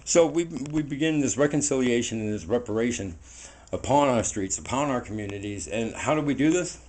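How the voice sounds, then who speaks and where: A man in his forties films himself on a handheld camera as he walks outdoors. He talks in a loose, rambling way that turns earnest and preachy, often repeating words as he restarts. His voice sits at an ordinary middle pitch. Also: expressive, fairly quick, a little mellow. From United States. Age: 40s. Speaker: vlogger. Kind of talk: casual walking monologue to camera. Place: outdoors on foot. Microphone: handheld camera mic.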